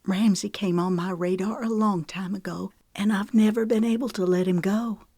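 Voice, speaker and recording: A woman reading the part of a frightened, tearful young woman who speaks softly, almost in a whisper. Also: medium pitch, steady tone, normal speed, no room sound, studio quality, voice pushed up, close to an everyday voice. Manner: soft, near whisper, trembling.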